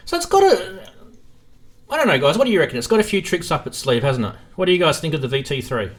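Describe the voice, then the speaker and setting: A man's voice: a little high, big pitch swings, fast talker. A man hosting a live stream, chatting casually with viewers and guests and laughing easily.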